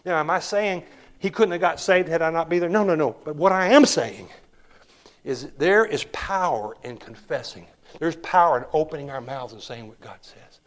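A man preaching a sermon as pastor, swinging between loud declarations and hushed storytelling. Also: a little high, normal speed.

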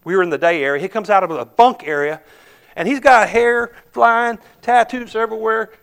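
A man preaching a sermon, telling a story, swinging from hushed murmurs to emphatic shouts. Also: high voice, moderate pace, clear, resonant tone.

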